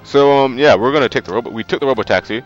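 A stuffy-nosed man rambles through casual let's play commentary, chatty and full of fillers, talking very fast in a medium-pitched voice. The sound is dull and lo-fi, with faint game music behind him.

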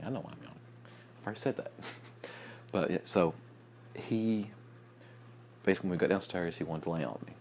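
Very deep-voiced sleepy man. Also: a little fast, long pauses, a little hiss or hum. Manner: rambling, with restarts, soft chuckles. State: sleepy, yawning a lot. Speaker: vlogger. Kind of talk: late-night casual vlog chat.

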